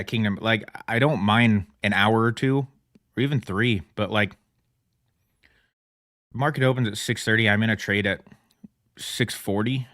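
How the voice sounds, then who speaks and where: A man's voice: fairly low pitch, a bit bright, no echo, studio quality. A man chatting casually on a trading livestream, rambling and self-mocking, laughing often as he talks. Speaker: livestream trader.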